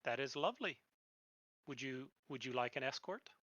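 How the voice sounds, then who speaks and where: A game master voicing a gentle, formal patrol leader. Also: medium pitch, expressive, normal speed, no room sound, lo-fi sound. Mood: courteous. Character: courteous male humanoid patrol leader.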